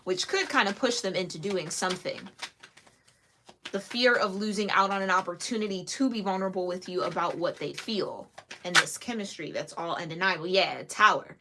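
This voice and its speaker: A woman giving a casual tarot reading to camera, chatty and giggly with lively asides. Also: on the low side, moderate pace, noisy background. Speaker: tarot reader.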